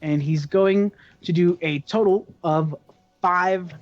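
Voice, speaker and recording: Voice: medium pitch, takes it slowly. Laid-back tabletop game master. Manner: relaxed explanations full of fillers. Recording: dull lo-fi recording.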